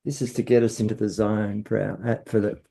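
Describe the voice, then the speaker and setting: Gravelly-voiced Australian man hosting. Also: lowish voice. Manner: relaxed, chuckling, halting restarts. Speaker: workshop host. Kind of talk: casual group video call.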